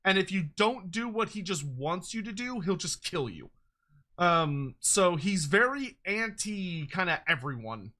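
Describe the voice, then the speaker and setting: A man streaming a casual reaction, excitable and quick to laugh and swear. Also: sits high.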